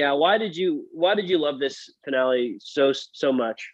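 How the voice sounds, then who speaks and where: A man co-hosting a casual podcast, speaking haltingly with many restarts. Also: on the high side, animated, no room sound, dull audio. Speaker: podcast co-host. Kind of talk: casual chat.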